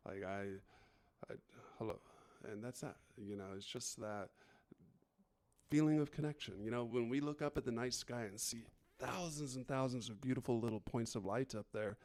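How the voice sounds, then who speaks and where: A man's voice: medium pitch, moderate pace, a little mellow. A man co-hosting a podcast, speaking in a reflective, meandering way with many fillers. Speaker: podcast co-host. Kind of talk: casual chat.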